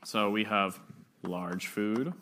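Bright-voiced young man lecturing casually. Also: lowish voice, slow, a little hiss or hum. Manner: chatty, uses playful analogies, frequent "right?". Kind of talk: informal classroom lecture. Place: lecture room.

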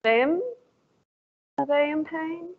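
A woman's voice: sits high, slow pace. A woman professor giving a formal lecture, reflective and asking the audience questions. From South Africa. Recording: dull lo-fi livestream audio.

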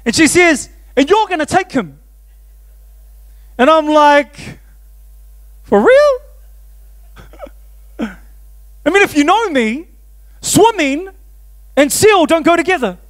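A pastor tells stories from the pulpit. He has a strikingly high voice for a man. He pokes fun at himself and laughs easily as he talks. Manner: animated, self-mocking, laughs often. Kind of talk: storytelling sermon.

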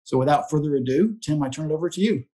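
A man's voice: a little high, expressive, rapid-fire, warm tone. A man, moderating an event over a video call and introducing the speaker in a friendly way.

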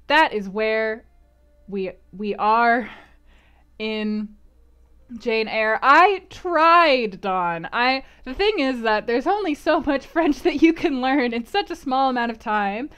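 American woman, streamer, book club host, chatty, self-deprecating, fairly high voice. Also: animated, slow, clear, resonant tone. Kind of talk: casual chat and book recap.

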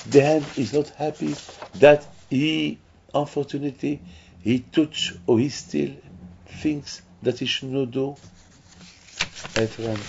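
A man's voice: mid-range voice, gravelly, a little mellow, slight background noise. A man delivering an emphatic sermon as a rabbi. He repeats himself and often restarts. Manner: emphatic, repetitive preaching with restarts. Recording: dull lo-fi recording.

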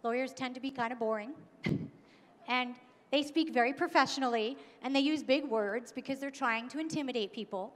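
A woman with a high voice delivers a keynote in a conference hall, and her words ring out with a long hall reverb. She speaks in an engaging way and keeps asking the audience questions. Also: normal speed. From New York.

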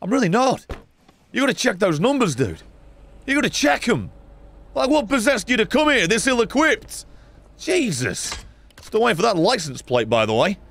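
A young man playing a video game and commenting as he goes, sarcastic and swearing, dropping to mutters and then shouting. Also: high voice, vocal fry. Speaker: gaming streamer.

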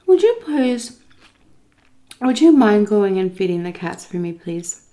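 A woman's voice: mid-range voice, sing-song, measured pace, warm tone. A woman putting on the voice of a sweet-voiced, odd woman neighbor who croons to her cats. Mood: crooning.

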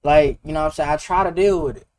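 A young man streaming a game, chatting fast and slangy with his viewers and teasing players. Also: fairly high pitch, a little mellow, a little hiss or hum. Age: young adult. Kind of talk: casual gaming livestream chat.

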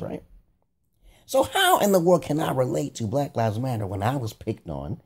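A man delivers a rambling, profanity-heavy monologue with a husky, mellow voice. His pitch leaps wildly from low grumbles to high exclamations. He keeps slipping in laughing asides as he talks. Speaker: vlogger.

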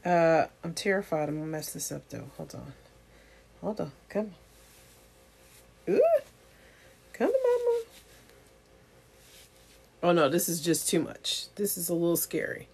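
A woman's voice: low-pitched, normal speed, gravelly, long pauses, darkish tone, slight background noise. A woman content creator chatting casually to camera, giggly and self-mocking. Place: home setup with ring light.

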